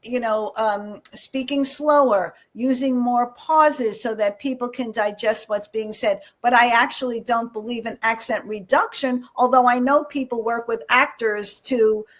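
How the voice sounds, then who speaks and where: A woman's voice: a little high, fairly even intonation, unhurried, few pauses. A woman in her seventies hosting a radio interview, chatty, putting in frequent agreeing interjections. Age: 70s. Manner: chatty, with many affirming interjections. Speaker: radio host. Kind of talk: interview chat.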